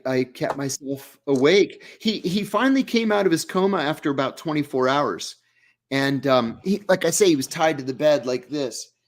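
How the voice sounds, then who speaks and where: Man telling a tense first-person story. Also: mid-range voice. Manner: vivid first-person storytelling, acting out dialogue. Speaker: guest. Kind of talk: storytelling in an interview.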